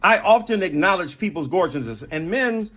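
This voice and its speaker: A man with a notably high voice argues indignantly on air. He stacks up accusations word by word, emphatic and firm, in the manner of a heated televised debate. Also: big pitch swings, normal speed, fairly bright tone.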